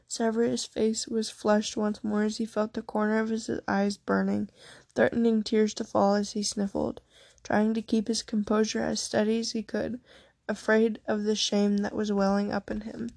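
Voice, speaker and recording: Female story reader, dark gravelly voice, dry close sound. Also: medium pitch, completely flat delivery, normal speed, dry recording. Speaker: reader of fan fiction. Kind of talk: reading a story aloud.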